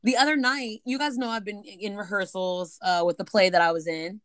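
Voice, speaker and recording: Woman on a podcast spilling a dating story, lively, acts out every line, swears a lot, dry sound. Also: mid-range voice, normal speed, no echo. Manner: animated, swears casually, acts out quoted dialogue. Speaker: podcast co-host. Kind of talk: casual chat, storytelling.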